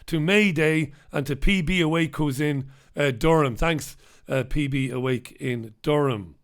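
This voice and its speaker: A man's voice: fairly high pitch, a little slow. Chatty male host. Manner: chatty, joking, reads out viewers' names. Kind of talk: casual live-stream chat.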